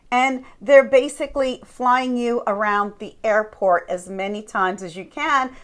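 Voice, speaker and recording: A woman coach delivers a slow, deliberate teaching talk. Her voice sits a little high, and she leans on rhetorical questions to draw her listeners in. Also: fairly bright tone. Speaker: Christian life coach.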